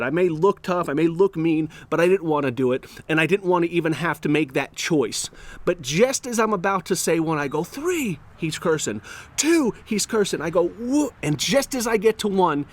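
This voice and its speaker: A man hosting a podcast, telling a story in an animated way with many fillers and restarts. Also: fairly high pitch, fairly quick. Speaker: podcast host. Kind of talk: storytelling monologue.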